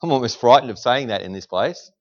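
A man preaching an energetic sermon in a church service, calling out to the congregation for responses. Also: medium pitch, quick pace, dull audio. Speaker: guest preacher.

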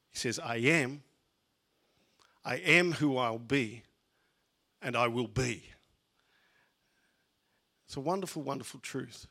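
Male preacher, mid-pitched, loose conversational sermon delivery, frequent restarts. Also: slow, pauses often, bright, forceful tone. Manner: conversational preaching with many repeated words and fillers.

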